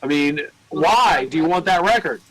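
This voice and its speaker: A man working in a record store, telling cursing, animated stories in casual chat. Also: fairly high pitch, moderate pace, no room sound, poor audio. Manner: profane, animated storyteller.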